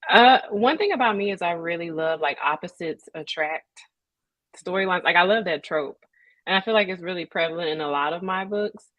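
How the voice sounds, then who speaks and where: A woman author talking about her writing in a relaxed, easygoing manner as a guest. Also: on the low side, a little fast, no room sound, highs cut off. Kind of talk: casual interview.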